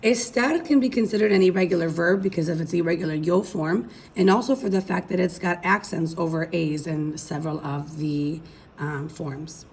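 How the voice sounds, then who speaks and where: A woman's voice: lowish voice, moderate pace, darkish tone, husky. A woman teaching a recorded language lesson, explaining patiently step by step and checking in with her students. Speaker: Spanish teacher.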